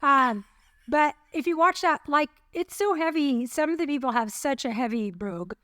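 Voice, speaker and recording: High-voiced playful woman podcast co-host. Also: expressive, moderate pace, bright, forceful tone, dry recording, studio quality. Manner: chatty, playful, self-mocking. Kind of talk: casual chat.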